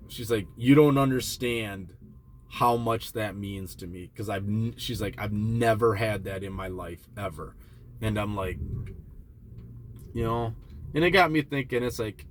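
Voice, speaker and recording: A man in his forties speaks candidly about money and family in a rambling, reflective way, full of restarts and quoted thoughts. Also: lowish voice. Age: 40s. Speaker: personal finance vlogger. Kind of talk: candid personal talk to camera.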